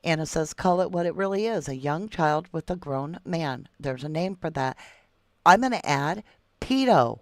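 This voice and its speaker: A woman's voice: low voice, lively intonation, moderate pace, dry recording, clean studio sound. A middle-aged woman hosts a true crime livestream, reading viewer comments and calling them love and sweetheart.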